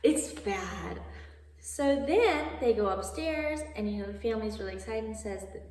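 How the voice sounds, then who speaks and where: A woman's voice: on the high side, animated, normal speed, darkish tone. Chatty young woman, echoey and distant. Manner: chatty, many "like"s and asides, laughs often. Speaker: video creator. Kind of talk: casual movie plot recap. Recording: echoey hall from far off.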